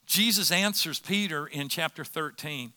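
A man's voice: a little high, a little slow, pushed and bright, no echo. A man preaching a sermon as pastor, conversational, with rhetorical questions.

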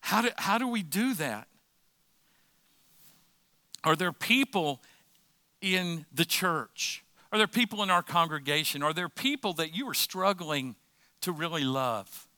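A man's voice: fairly high pitch, expressive, measured pace, long pauses, sharp tone, dry recording, studio quality. A middle-aged man preaching a sermon as pastor, impassioned and repeating phrases for emphasis.

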